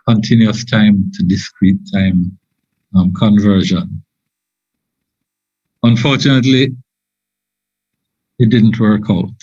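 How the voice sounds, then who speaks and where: A man giving an informal engineering lecture, halting often with fillers and restarts. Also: mid-range voice, a little mellow, dry recording. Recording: dull lo-fi dry audio.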